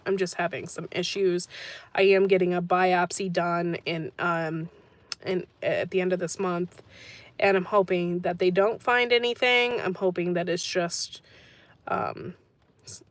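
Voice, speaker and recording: A woman's voice: on the low side, fairly bright tone, no echo. Chatty woman hosting a gardening stream. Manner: chatty and rambling, laughs often. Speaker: gardening channel host. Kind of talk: casual live-stream chat answering comments.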